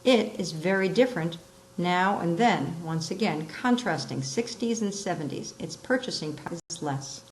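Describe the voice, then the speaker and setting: A woman teaching rhetorical terms, explaining each one and acting out the examples with lively emphasis. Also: on the low side, moderate pace, slight background noise, poor audio. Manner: explains with examples, acts out quoted lines expressively. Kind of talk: recorded lesson on rhetorical terms.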